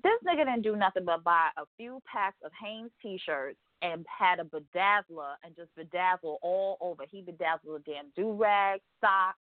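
A woman co-hosting a radio show recaps reality TV gossip in a sassy, profane, rambling way, mimicking quotes as she tells it. Her voice is on the low side at normal speed with few pauses, and the recording is dry and narrow, like a phone, with no echo.

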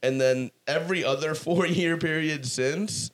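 A man's voice: fairly high pitch, measured pace. A young man co-hosting a podcast, chatting in a laid-back, joking way. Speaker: podcast co-host. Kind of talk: casual podcast chat.

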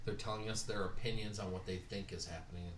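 A man from Southern California talking casually in his dining room, telling stories with lively impressions of other people. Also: fairly low pitch, fast, a little hiss or hum. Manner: animated storytelling, mimics other people. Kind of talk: casual conversation. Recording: roomy home dining room.

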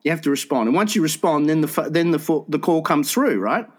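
Man, slightly raised pitch, loose casual storyteller, swears and laughs a lot. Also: expressive, quick pace. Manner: swears freely, laughs through his stories.

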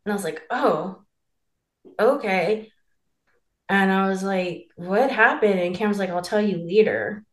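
In a roomy-sounding recording, a woman of medium pitch talks a little slowly and pauses often. She's a podcast co-host sharing her birth story in loose, rambling chat, peppering it with "like" and acting out quoted dialogue.

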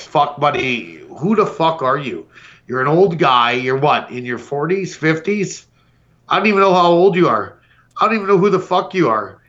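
A man's voice: on the high side, fairly bright tone, dull audio. A man hosting a podcast, delivering a brash, profane comedic roast rant. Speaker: podcast host.

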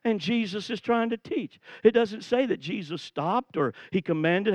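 A man with a notably high voice delivers a lively sermon. He retells a Bible story with animated storytelling and swells to shouts at its peaks. The sound is close and dry. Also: normal speed, hardly any pauses, no echo, highs cut off. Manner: animated storytelling, acts out quotes, rises to shouts. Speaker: preacher.

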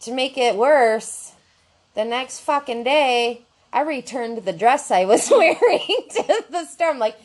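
A woman on a podcast telling a story about herself in casual chat, animated and self-mocking, swearing freely. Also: fairly high pitch, unhurried.

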